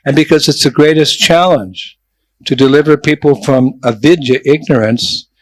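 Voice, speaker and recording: Older monk preaching with dry clarity. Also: male voice, on the high side, moderate pace, dry recording, poor audio. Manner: lively storytelling with jokes and asides. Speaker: traveling monk giving a talk. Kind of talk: sermon to a youth festival.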